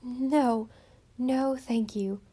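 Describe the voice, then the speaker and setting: A timid little girl, as a woman puts her on, speaking haltingly and politely. Her replies come out small and hesitant, a young storybook heroine who would rather be elsewhere. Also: high-pitched, warm tone, pitched above the performer's own voice. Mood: shy and polite. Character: shy, dreamy young girl.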